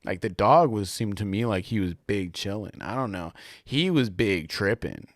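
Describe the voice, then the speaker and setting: A man's voice: lowish voice, animated, normal speed, no echo, clean studio sound. A young adult man hosting a casual solo podcast monologue, rambling and slangy, full of fillers as he tells a story. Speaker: podcast host.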